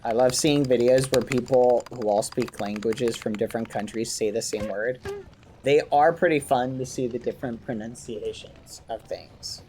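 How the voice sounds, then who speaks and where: A man chats casually with viewers while livestreaming a game from his home setup, trading swear words for mild exclamations. His voice is medium-pitched and mellow at a moderate pace. Keyboard clicks and typing sound behind him, along with slight background noise.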